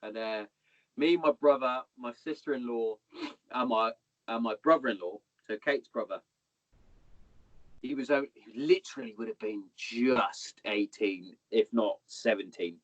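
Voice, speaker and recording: An unhurried, medium-pitched man from Hereford, England guests on a podcast, meandering through army tales. He swears a lot and calls the listener "mate." The dull lo-fi audio has no room sound.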